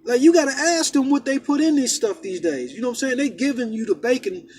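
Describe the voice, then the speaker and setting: A middle-aged man ranting and preaching casually, emphatic and repetitive, swinging from loud outbursts to low, stern talk. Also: animated, fast talker, rough recording. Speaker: vlogger preaching his faith. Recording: faint background noise.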